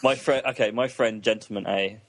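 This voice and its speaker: A man's voice: fairly low pitch, fairly even intonation, a little fast, slight background noise. A young man co-hosting a casual chat, laughing and stumbling over his words. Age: young adult. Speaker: podcast co-host.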